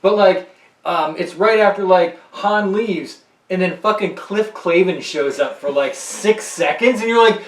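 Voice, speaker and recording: Excitable nerdy man in echoey room. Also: sits high, measured pace. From Ohio, USA. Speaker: beer review co-host. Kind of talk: casual chat. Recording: echoey room, mic far off.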